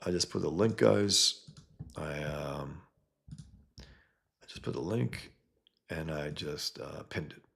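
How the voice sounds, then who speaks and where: Deep gravelly-voiced man, blunt livestream host. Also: slow, long pauses, a bit bright. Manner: blunt, rambling, often trails off mid-sentence. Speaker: livestream host reading chat. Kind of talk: casual livestream chat.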